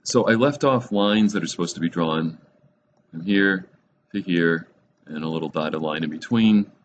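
Deep male voice, casual Bible class teacher, muffled lo-fi recording with faint hiss. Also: moderate pace. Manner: relaxed, rambling, many fillers and restarts. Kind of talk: classroom lecture. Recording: dull lo-fi recording with faint noise.

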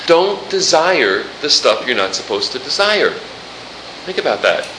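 A pastor giving a sermon, lively and joking, throwing rhetorical questions at the congregation. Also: male voice, on the high side, roomy sound, background noise. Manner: animated, jokey preaching with rhetorical questions.

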